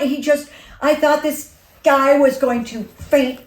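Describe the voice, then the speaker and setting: A woman co-hosting a casual chat, telling stories in a lively, chatty way. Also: high-pitched, slow. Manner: lively, chatty storyteller who laughs easily. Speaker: co-host. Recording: roomy echo.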